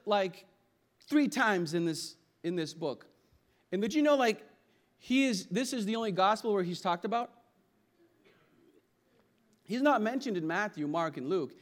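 A male pastor preaching a sermon in a church, energetic and conversational, calling on the congregation to respond. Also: sits high.

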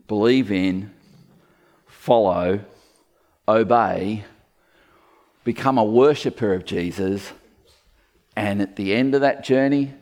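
A man's voice: fairly low pitch, a little mellow. A man preaching an expository sermon to a live church congregation, stressing key words and speaking directly to his listeners. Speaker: pastor.

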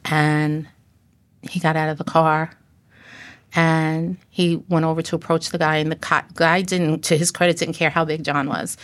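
A middle-aged woman speaks in a low voice as a podcast guest, telling her own story in earnest, halting sentences that often restart. The sound is dry and close, with no room around her. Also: level tone, dry recording. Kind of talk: personal storytelling in conversation.

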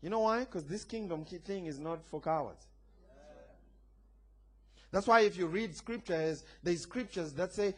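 A man's voice: high voice, unhurried, pauses often, slightly rough. A man preaching a sermon, emphatic and playful, calling on the congregation to respond. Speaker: pastor.

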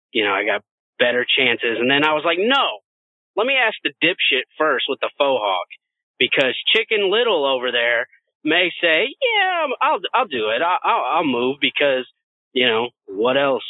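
A male podcast co-host with a medium-pitched voice tells a story in casual, profane chat, laughing often. The recording is dry and narrow like a phone, with no echo.

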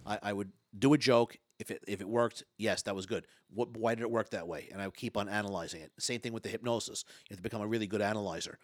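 Fast-talking, loud male stage hypnotist. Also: on the low side, fairly even intonation, no room sound, clean studio sound. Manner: frequent stammering restarts. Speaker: stage hypnotist and former comedian. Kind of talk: storytelling interview talk.

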